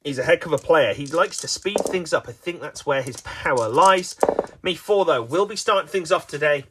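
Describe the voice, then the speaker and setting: A man's voice: fairly high pitch, expressive, normal speed, background noise. A man giving playful, self-mocking mock sports commentary on a dice game.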